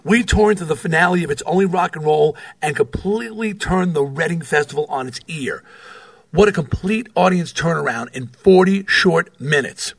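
A middle-aged New Yorker hosts a podcast, reading from his memoir and telling rock stories as an animated storyteller with wry, profane asides off the page. His fairly high voice has vocal fry and a breathy edge, at normal speed, with no echo.

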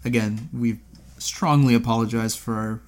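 A man's voice: medium pitch, steady tone, normal speed. A man co-hosting a casual podcast chat, laid-back, laughing often and swearing offhandedly. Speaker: podcast co-host.

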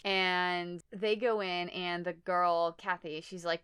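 Brief: young woman, podcast co-host, smooth voice, animated recap. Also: on the low side, dry recording, studio quality. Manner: animated storytelling with quick acted-out quotes and laughs. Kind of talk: casual chat.

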